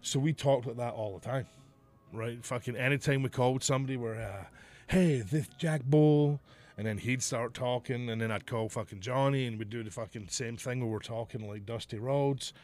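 A man's voice: medium pitch, steady tone, brisk, a little mellow. A middle-aged man, a podcast host and former wrestler, telling stories in casual chat, swearing freely and laughing often. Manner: profane, laughs often, storytelling.

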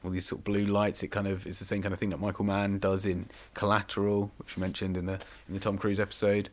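A man's voice: on the low side, monotone, quick pace. A man co-hosting a podcast, talking about movies in a casual, rambling way with many fillers. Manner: rambling, filler-heavy, enthusiastic. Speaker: podcast co-host. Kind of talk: casual film discussion.

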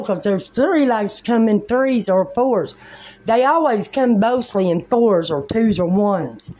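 A woman's voice: a little high, darkish tone. A woman delivering a rambling religious monologue in a fervent, preachy way, using colloquial, folksy grammar.

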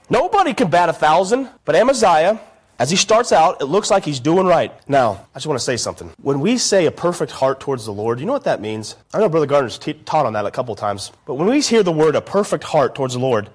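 A man preaching a sermon in a church, retelling a Bible story in a chatty, storytelling way and often asking the congregation "right?". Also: high-pitched.

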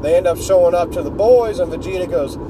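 A man's voice: high-pitched, quick pace. Easygoing male storyteller, loose and profane, talking from a car with road noise. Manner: laid-back, joking, swears freely, loses his words. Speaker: fan storyteller. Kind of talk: casual rambling retelling.

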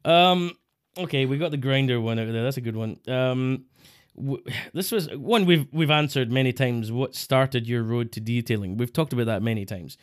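A man co-hosting a podcast in casual, chatty banter. His voice sits at an ordinary middle pitch. He laughs often and keeps slipping into silly put-on voices. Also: moderate pace. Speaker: podcast co-host.

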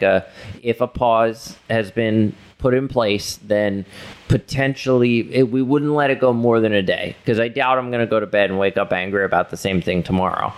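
A man's voice: lowish voice, clear, resonant tone. A man talking casually with his partner, rambling with many fillers and restarts and swearing freely. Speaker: partner in a couple's talk.

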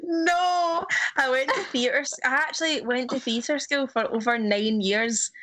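A woman's voice: sits high, a little slow, fairly bright tone. A young woman with a Scottish accent, a guest chatting casually and telling self-mocking stories. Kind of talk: casual chat.

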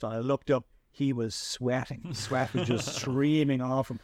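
A man hosting a podcast and telling a story in a chatty, animated way with lots of restarts. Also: medium pitch, normal speed, no echo, studio quality. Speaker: podcast host. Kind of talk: casual storytelling chat.

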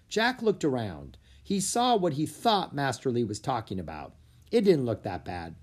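Husky children's audiobook narrator. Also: mid-range voice, wildly swooping pitch, moderate pace.

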